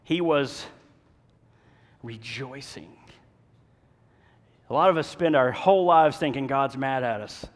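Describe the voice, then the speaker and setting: A man preaching a sermon as pastor, swinging between loud urging and hushed, intimate asides. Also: mid-range voice, brisk, few pauses, big-room sound. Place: church sanctuary.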